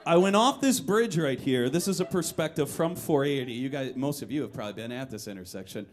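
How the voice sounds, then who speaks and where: A young man performing a live one-man comedy story on a club stage, animated, breaking into shouts and high-pitched voices for quoted people, with the audience laughing. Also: a little fast. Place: live music venue stage.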